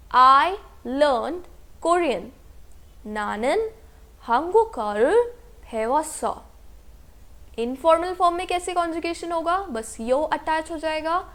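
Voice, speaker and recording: A woman teaches a grammar lesson in a high, light voice. She goes through the rules one step at a time, switches between English and Hindi, and keeps checking in with a quick "okay?". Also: a bit bright. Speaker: language teacher.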